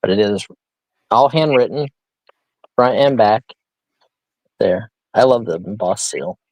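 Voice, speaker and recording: A man's voice: lowish voice, slow, dry recording, rough recording. Chatty man hosting a live auction. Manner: chatty, thinking aloud, joking. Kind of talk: casual live-stream selling.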